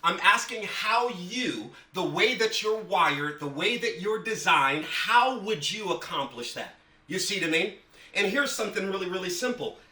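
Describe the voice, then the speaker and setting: Emphatic male writing instructor, higher voice, casual class talk, echoey room mic. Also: animated, normal speed, sharp tone, recorded from a distance. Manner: emphatic, repeats words for stress.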